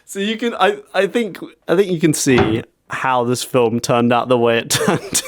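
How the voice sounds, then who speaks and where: A man's voice: medium pitch, normal speed, slight background noise. Chatty man telling a story on a podcast. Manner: laughs often while telling a story. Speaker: podcast co-host. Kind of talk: casual chat.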